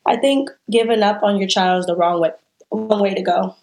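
A woman's voice: medium pitch, normal speed, darkish tone. A young woman, a guest in a casual interview, talking candidly and rambling with fillers and restarts.

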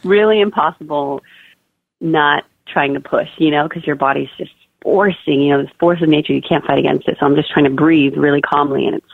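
A young woman tells a personal story in loose, chatty speech, peppered with "like" and "you know". Her voice has a gravelly fry to it. The sound is thin and phone-like, with no room echo at all. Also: low voice, fairly even intonation, brisk. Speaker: guest. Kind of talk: personal birth story told in an interview. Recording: tinny, dry phone-line audio.

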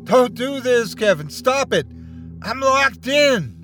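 A man doing a trapped man, desperate pleading, higher strained voice, lively swings in pitch. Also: moderate pace, faint music behind. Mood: screaming panic. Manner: pleading, rising to frantic screams.

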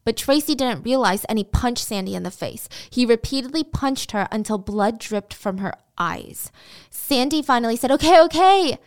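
A woman's voice: a little high, normal speed. Woman telling a true crime story. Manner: casual, conversational, with asides.

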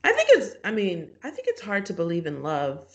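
A woman's voice: medium pitch, fairly quick. A woman co-hosting a casual podcast, rambling with lots of "like.". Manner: lively, rambling, fillers like "like". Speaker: podcast co-host. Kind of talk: casual chat.

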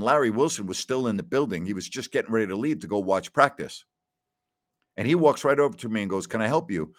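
A man's voice: fairly low pitch, no room sound, clean studio sound. Nostalgic, rambling middle-aged man. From New York. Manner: rambling, nostalgic storytelling with many fillers. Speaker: radio talk show host. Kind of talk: casual call-in show chat.

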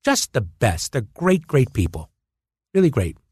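A man, a guest actor, telling stories in casual chat, animated, repeating words and acting out quotes. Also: medium pitch, measured pace, slightly rough, no echo, studio quality.

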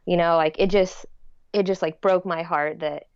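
A woman's voice: lowish voice, steady tone, moderate pace, clean tone, no room sound, dull audio. A woman telling her birth story in a casual, chatty way, full of "like" and "um". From United States. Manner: chatty, lots of "like" and "um".

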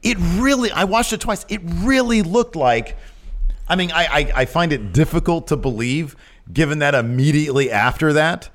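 A man co-hosting a podcast, chatting casually about wrestling and acting out quotes with sudden high voices. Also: moderate pace. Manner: animated, acts out quotes with big pitch jumps. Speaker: podcast co-host. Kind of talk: casual wrestling recap chat.

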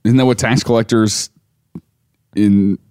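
A man's voice: fairly low pitch, fairly even intonation, a little slow, mellow, no echo, studio quality. A man co-hosting a casual comedic history chat, joking and riffing on the story with silly impressions. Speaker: podcast co-host.

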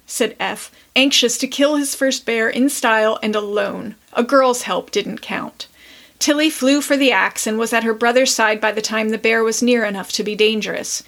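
A woman podcast host reading a classic story aloud with measured, expressive narration. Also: a little high.

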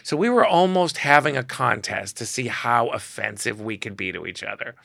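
Give me a man with a gravelly, bright voice telling animated stories. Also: mid-range voice, normal speed, dry recording. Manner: animated, quotes people in voices. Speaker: guest photographer. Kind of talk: casual storytelling.

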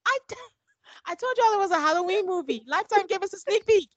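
A woman's voice: very high voice, quick pace, no echo, muffled recording. A woman co-hosting a podcast, recapping a reality show in casual chat, laughing often and acting out what people said. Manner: animated, laughing often, acts out quotes. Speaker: podcast co-host.

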